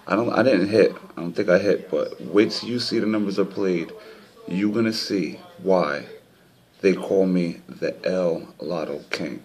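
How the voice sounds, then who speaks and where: A man talking casually to his viewers about his lottery system, pointing things out on a chart, by turns excited and frustrated. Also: sits low, unhurried. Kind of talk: casual talk to camera.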